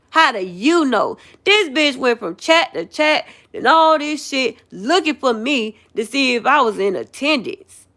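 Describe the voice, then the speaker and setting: A woman on a livestream with a fairly high voice, venting in a heated rant. She swears freely and breaks into scornful laughter as she talks. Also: a bit bright.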